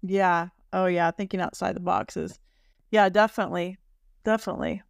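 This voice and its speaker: A middle-aged woman, a guest educator, answering interview questions in a measured, reflective way. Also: fairly low pitch, steady tone, gravelly, no room sound, studio quality.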